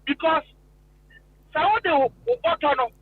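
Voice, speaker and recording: Ghanaian man, radio talk host, very high voice, emphatic lecturing, tinny phone-like sound. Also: expressive, a little slow. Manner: emphatic, switching between English and Twi. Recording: tinny phone-like line with faint noise.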